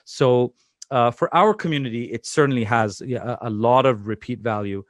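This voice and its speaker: A man's voice: medium pitch, normal speed, no echo. A young man from Canada hosting an interview over a video call, talking casually with many fillers and restarts. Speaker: interview host.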